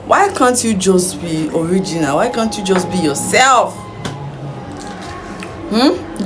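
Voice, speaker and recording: A woman's voice: mid-range voice, lively intonation, measured pace, long pauses. Chatty Nigerian woman vlogging at home. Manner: chatty, asks viewers questions. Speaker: vlogger, mother. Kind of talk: casual home vlog. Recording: echoey room with background guitar music.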